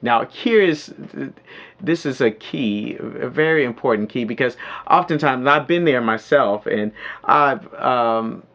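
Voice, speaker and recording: A man giving a spoken training lesson on calling sales leads, pausing often with ums and restarts, sometimes acting out phone calls. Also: medium pitch. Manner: hesitant with many ums, then lively role-play of phone calls. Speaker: network marketing trainer. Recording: dull lo-fi audio.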